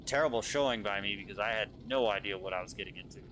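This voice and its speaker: Rapid-fire and lowish in pitch, a man commentates a drift competition live from a booth, his voice shooting up at the big moments. He's excitable and swears casually, and a faint hiss or hum sits under the audio.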